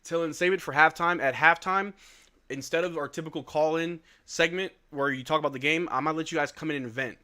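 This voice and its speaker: A man's voice: on the high side, fairly quick, pushed and bright. Candid, rambling male streamer. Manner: candid, rambling, repeats himself; casual slang and cursing. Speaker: sports YouTube streamer. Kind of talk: live stream talk to viewers.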